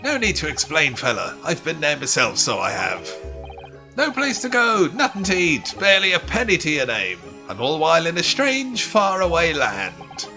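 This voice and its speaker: Bombastic wealthy gent, wild put-on accent, big swooping pitch; a man plays him; game music under. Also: huge pitch swings, a little slow, hardly any pauses. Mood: blustering. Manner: theatrical, blustering, swooping pitch. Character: boastful rich middle-aged man, odd put-on accent.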